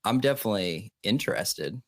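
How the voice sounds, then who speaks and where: A young man as a podcast guest, easygoing and playful in quick banter. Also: lowish voice, animated, a bit bright, no room sound, studio quality. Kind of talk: casual podcast chat.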